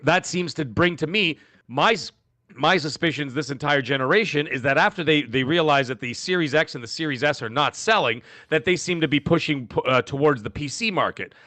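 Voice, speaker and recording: A man's voice: fairly high pitch, fairly quick, no echo. A man co-hosting a gaming podcast in casual chat, talking emphatically and drifting into tangents. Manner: animated, emphatic, goes off on tangents. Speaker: podcast co-host.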